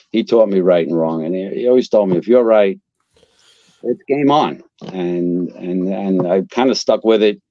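An older New man with a low voice tells stories in a blunt, salty way. He sounds mellow and dry, close to the mic. The recording is dull and lo-fi. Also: dry recording. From Queens, New York. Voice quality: blunt, profane, animated storyteller. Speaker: retired fire captain, guest. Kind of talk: casual storytelling interview.

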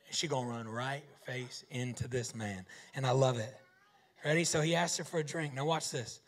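A man preaching a lively sermon, joking and firing rhetorical questions at the audience. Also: mid-range voice, normal speed.

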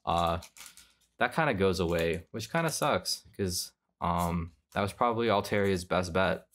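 Low-voiced young man, casual card chatter. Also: expressive, unhurried, a bit bright. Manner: rambling, offhand, self-correcting. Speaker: card collector opening packs. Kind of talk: casual pack-opening commentary.

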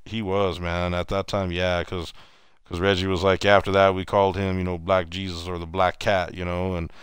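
A man's voice: sits low, level tone, normal speed, clear, resonant tone, no echo, studio quality. A man streaming gameplay and telling a long story in a casual, rambling way, often restarting his sentences. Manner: mimics other people in raised voices when retelling stories.

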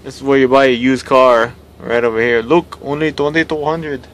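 A man's voice: mid-range voice, steady tone, normal speed, poor audio. Griping man narrating from a truck. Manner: griping, sarcastic running commentary. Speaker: tow truck driver. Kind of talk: casual vlog chat while driving.

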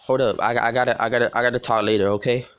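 A man's voice: mid-range voice, steady tone, very fast, a bit bright, clean tone, lo-fi sound. Young man, taunting, stammers and swears. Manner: taunting and profane, with many stammered repeats. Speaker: vlogger. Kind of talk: casual phone conversation.

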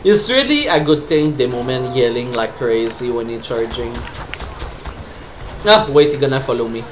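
A man's voice: medium pitch, lively intonation, moderate pace, a bit bright, a little hiss or hum. A man with a French accent giving casual, rambling commentary over gameplay, sounding tired. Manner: rambling, with trailing fillers. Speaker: streamer.

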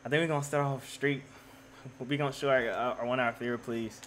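A young man giving casual, slangy commentary on his own football video game, getting loudly hyped over big plays. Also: mid-range voice, fast, a little hiss or hum. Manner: excitable, slangy, hypes up plays. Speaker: gaming YouTuber. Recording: music playing in the background.

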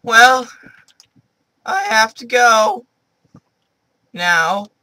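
A woman narrating her game as she plays, melodramatic, shouting and wailing in panic. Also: fairly high pitch, sing-song, extremely slow, no room sound. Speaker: let's-play gamer.

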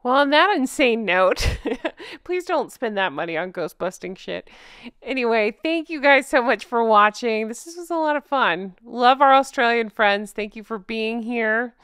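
A woman's voice: on the high side, lively intonation, unhurried, a bit bright, smooth, no room sound, studio quality. A woman hosting a casual commentary chat, chatty and sarcastic, laughing often. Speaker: host.

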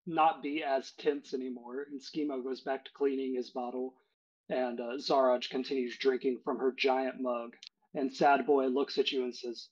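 Brief: casual male game master, husky voice, dull lo-fi mic. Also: mid-range voice, normal speed. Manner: relaxed, casual, frequent "uh". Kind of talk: running a tabletop game online. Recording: dull lo-fi recording.

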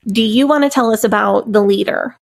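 A woman's voice: a little high, brisk, creaky. A young adult woman co-hosting a podcast, reacting to the story with thoughtful, reflective comments. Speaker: podcast co-host. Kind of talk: casual podcast chat.

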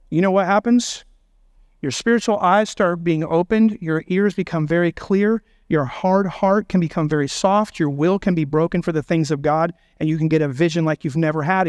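A man's voice: fairly high pitch, dry recording, studio quality. A man preaching a sermon as pastor, emphatic and full of rhetorical questions.

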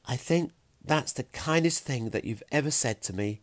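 A man voicing Fiona, a bright and bashful Stone Age girl who speaks softly but briskly. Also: medium pitch, animated, dry recording, voice pushed up, lightly acted. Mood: tender. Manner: soft and warm, briskly practical.

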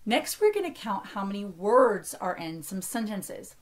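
A woman's voice: mid-range voice, very animated, measured pace. An American woman in her thirties, a teacher giving an early-grade reading lesson and carefully sounding out words for young children. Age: 30s.

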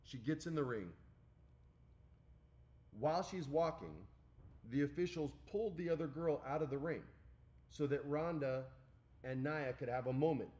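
A man in his forties co-hosting a podcast in casual chat, telling an animated story, acting out lines and swearing freely. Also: fairly high pitch, moderate pace, long pauses, highs cut off. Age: 40s. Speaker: podcast co-host.

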